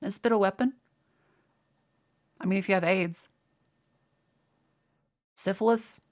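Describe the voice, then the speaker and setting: A young Australian woman chats live on a stream, answering viewers in a crude, rambling way full of stammers and restarts. Her mid-range voice is steady and a little mellow, and she takes things slowly.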